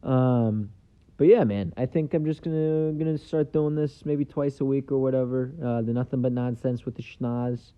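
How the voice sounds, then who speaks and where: A man's voice: medium pitch, steady tone, moderate pace, hardly any pauses, clear, resonant tone, lo-fi sound. A man hosting his own podcast, talking in a loose, rambling way with lots of fillers and an offhand tone. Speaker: podcast host. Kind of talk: casual solo podcast monologue.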